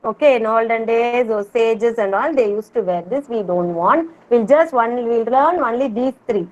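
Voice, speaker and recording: A young woman teaching a kindergarten Hindi class over a video call, drilling words in Indian English with slow, patient repetition. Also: a little high, highs cut off. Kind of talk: online class teaching children.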